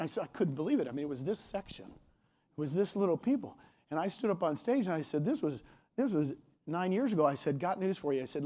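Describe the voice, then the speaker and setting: High-voiced, emphatic male stage speaker. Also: a little mellow. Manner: punchy and emphatic, often quoting others in a raised voice. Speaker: motivational speaker at a real estate conference. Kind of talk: energetic stage talk. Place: large conference hall.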